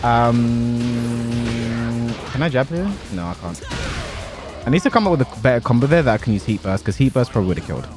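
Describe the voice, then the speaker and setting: A young man chatting casually about a fighting game while he plays, animated and given to exaggeration, laughing at himself now and then. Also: medium pitch, moderate pace, music in the background. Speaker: pro fighting game player and content creator. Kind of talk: casual commentary over gameplay.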